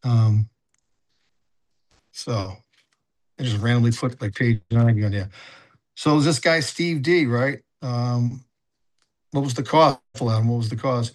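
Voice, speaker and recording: Candid older man sharing recovery story. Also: medium pitch. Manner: candid, halting, many fillers and restarts. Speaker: recovery sponsor and coach. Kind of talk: personal testimony, casual and confessional.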